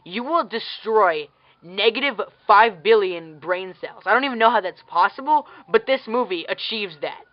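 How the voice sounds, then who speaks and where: A woman's voice: medium pitch, lively intonation, moderate pace, lo-fi sound. Blunt, sarcastic woman ranting. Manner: blunt, sarcastic, swears freely; exasperated, incredulous questions. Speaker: vlogger reviewing a movie. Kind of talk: casual ranting review.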